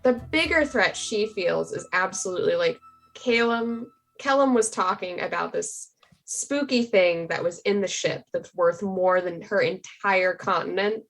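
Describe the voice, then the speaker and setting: A woman's voice: fairly low pitch, a little slow, fairly bright tone, faint music behind. A woman player chatting casually on a live stream, rambling with many fillers. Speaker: tabletop game player.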